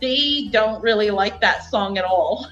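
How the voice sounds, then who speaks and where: A woman's voice: medium pitch, a little slow, a bit bright, lo-fi sound, soft background music. A woman chatting casually on a live stream, telling stories and acting out what people say, laughing often. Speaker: guest.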